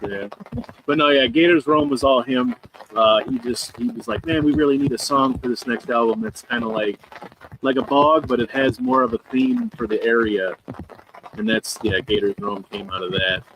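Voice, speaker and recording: A man's voice: medium pitch, normal speed. Easygoing man guest over a noisy line. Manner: easygoing, rambling with many yeahs. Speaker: musician guest. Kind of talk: casual live-stream chat.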